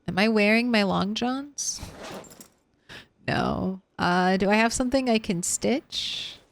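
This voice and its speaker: A woman's voice: medium pitch, slow, vocal fry, slight background noise. A young woman streaming a game, chatting casually as she plays, rambling between topics and swearing freely. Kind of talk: casual gameplay chat.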